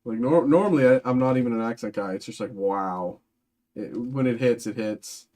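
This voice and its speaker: A man's voice: mid-range voice, normal speed, a little mellow. A young man from Massachusetts hosting a live card break, chatting casually with lots of fillers and restarts. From Massachusetts, outside Boston. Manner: rambling, many fillers and restarts. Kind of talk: casual live-stream chat while opening packs.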